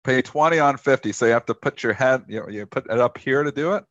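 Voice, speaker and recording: A man's voice: medium pitch, quick pace, fairly bright tone, no echo, dull audio. A man co-hosting a live trading talk show, talking markets casually and teasing his co-host. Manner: joking, teasing, laughs often.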